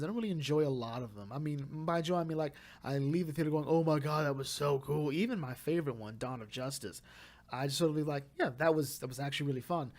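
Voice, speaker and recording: Chatty young man with a higher voice. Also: a little mellow. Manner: rambling and gushing, many restarts and "like". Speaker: movie reviewer. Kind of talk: casual spoken movie review.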